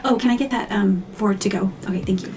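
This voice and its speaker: A woman's voice: medium pitch, fast talker, distant mic, background noise, lightly acted. A woman acting out indecisive coffee-shop customers and a barista in a comedy sketch, ordering with lots of hesitant fillers.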